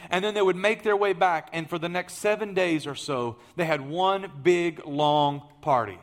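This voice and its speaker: A man preaching a sermon, telling the story in a lively way that swings from loud emphasis to hushed asides. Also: high-pitched, moderate pace.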